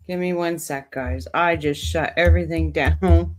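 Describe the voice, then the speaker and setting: A woman's voice: sits low, fairly even intonation, a little slow, hardly any pauses. A woman hosting a true crime livestream, chatting casually with viewers and reading their comments while coming down with a cold.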